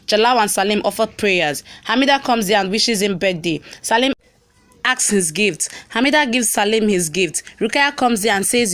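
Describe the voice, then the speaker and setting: A woman's voice: medium pitch, normal speed, a bit bright. A woman narrating a TV episode recap, reading steadily and voicing every character's lines in her own voice. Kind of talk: plain read-aloud story recap.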